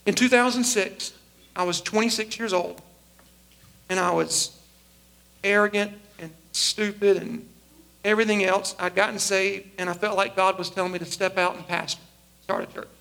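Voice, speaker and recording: A pastor, telling a personal story in a sermon and acting out the voices of the people in it. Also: male voice, sits high, steady tone, normal speed, gravelly, bright, forceful tone.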